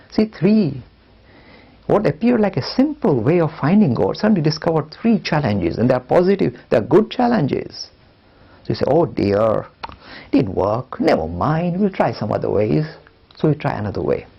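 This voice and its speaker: An older man teaching a lecture on religion, animated, acting out the voices of imagined arguers. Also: mid-range voice, creaky, breathy edge, muffled recording. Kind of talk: lecture to students.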